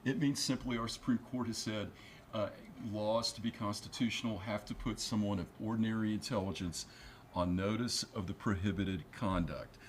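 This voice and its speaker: Low-voiced attorney explaining the law. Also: male voice, steady tone, normal speed, a little hiss or hum. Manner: explanatory, with many fillers and restarts. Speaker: attorney guest. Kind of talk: news studio interview.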